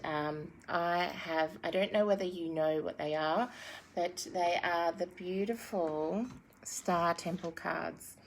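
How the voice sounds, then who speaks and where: A woman in her thirties, a spiritual guide who chats casually with giggles and fillers, then leads a guided meditation. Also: mid-range voice. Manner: gentle, giggly and rambling, with many fillers. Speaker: spiritual guide and card reader.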